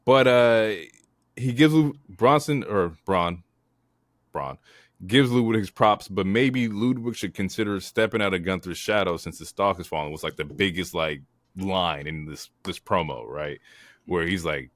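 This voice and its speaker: A man's voice: deep voice, measured pace, dry recording. A man co-hosting a wrestling podcast, joking and slangy in casual chat. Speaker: podcast co-host.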